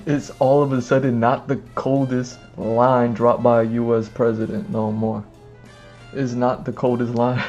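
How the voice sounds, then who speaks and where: A man streaming live, giving loose slangy reaction commentary, excitable and often breaking into laughter. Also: medium pitch. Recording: muffled, with music behind.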